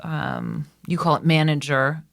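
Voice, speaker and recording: A woman coach co-hosting a podcast asks measured, probing questions. Her voice is very low for a woman and sounds dry and close. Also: vocal fry, dry recording. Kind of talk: interview questions.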